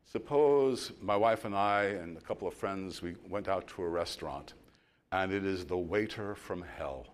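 Preaching a sermon, a middle-aged male pastor tells a story that swells into loud emphasis before falling soft. His voice is low-pitched and moves at a moderate pace.

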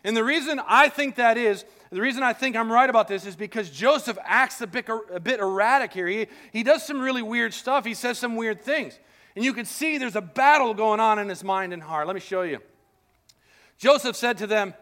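A man pastor preaching a sermon in a casual, animated storytelling manner. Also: very high-pitched, fairly quick.

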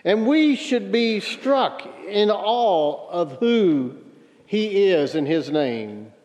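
A man's voice: high voice, animated, drawn-out words, darkish tone. A man preaching a sermon, telling a story and then driving home his point with emphasis. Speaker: pastor. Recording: dull sound with long hall reverb.

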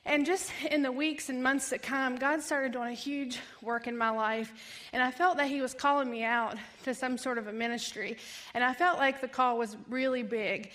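Woman in her thirties, testimony speaker, lively storyteller who acts out quotes. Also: high voice, normal speed. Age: 30s. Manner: animated storytelling, acts out quoted voices, laughs often. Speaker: ministry founder giving testimony. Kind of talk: personal testimony.

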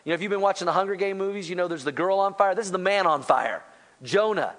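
High-voiced animated male preacher. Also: quick pace. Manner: animated preaching, voices quotes, asks the congregation. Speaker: pastor. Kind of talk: sermon.

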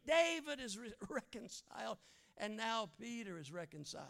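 A man preaching a sermon, folksy and humorous, swinging from hushed lines to loud bursts. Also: high voice, lively intonation, normal speed, creaky.

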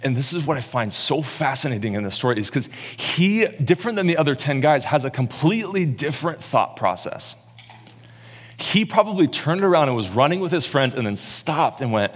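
A man's voice: medium pitch, a little fast. A man preaching a sermon in a big, echoing hall, his voice carrying a long tail of reverb. He sits in a middle register and tells the story with energy, acting out its people as he goes. Earnest, heartfelt sermon delivery. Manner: animated storyteller who acts out quotes.

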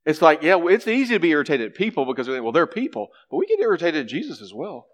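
Animated male preacher. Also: fast talker. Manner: animated preaching, acting out a character's complaints in a raised pitch. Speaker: pastor. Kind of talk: sermon.

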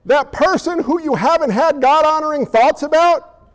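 A man preaching a sermon dramatically, firing rhetorical questions at the congregation and swinging between forceful declarations and hushed asides. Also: very high-pitched, moderate pace. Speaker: pastor.

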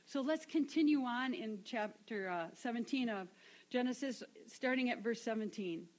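A woman teaching a Bible lesson, animated and acting out the quoted voices as she reads. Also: a little high, moderate pace, low-quality recording. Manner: animated, acts out quoted voices with laughs and whispers.

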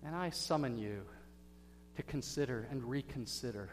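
A man preaching a sermon as pastor, telling stories dramatically and swinging from hushed words to loud bursts. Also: mid-range voice, normal speed. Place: church sanctuary. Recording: echoey hall with faint hum.

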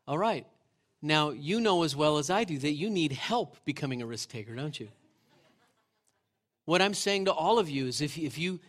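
A middle-aged male pastor giving a sermon in a church, retelling scripture as lively storytelling and asking the congregation questions. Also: on the high side. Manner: conversational, asks the congregation questions. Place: church sanctuary.

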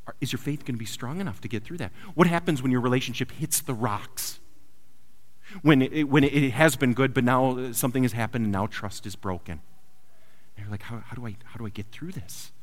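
A man preaching a sermon built around a personal story, swinging from loud urgent lines to quiet hushed ones. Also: mid-range voice, a little fast. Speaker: pastor. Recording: long hall reverb.

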